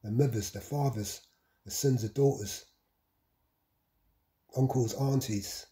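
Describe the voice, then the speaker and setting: A man delivers an insistent vlog monologue, stacking phrase on phrase. His voice is dark and mellow. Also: mid-range voice, slow, slight background noise. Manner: repetitive listing, insistent. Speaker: vlogger. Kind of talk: monologue to camera.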